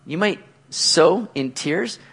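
Male pastor, sermon delivery, bright high register, swings up and down constantly. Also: slow, vocal fry, husky. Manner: animated preaching with shouted acted-out quotes.

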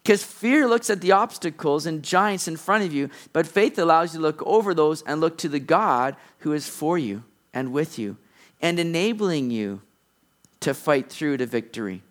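Male pastor, middle-aged, high voice, lively sermon delivery that acts out the characters' lines. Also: moderate pace. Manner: animated preaching, acting out characters' lines.

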